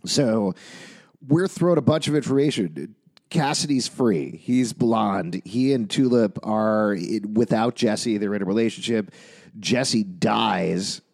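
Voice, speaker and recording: A man hosting a casual podcast chat who recaps a TV episode, jokes around and runs through plot points in quick lists. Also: on the low side, animated, darkish tone.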